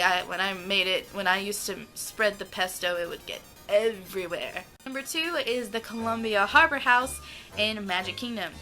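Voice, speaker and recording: A young American vlogger gushes enthusiastically about her favorite foods, drawing out her words in a casual video. Her voice is a little high, bright and forceful, and the recording quality is low.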